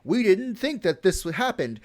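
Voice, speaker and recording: A man's voice: high voice, very animated, normal speed, pitched above the performer's own voice. A man voicing a sheepish male envoy breezily apologizing for a mistake.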